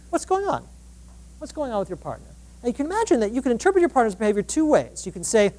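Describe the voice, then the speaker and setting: A woman giving a lively public lecture on relationships. She acts out quoted dialogue and often restarts her sentences. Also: high voice, quick pace. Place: live event before an audience.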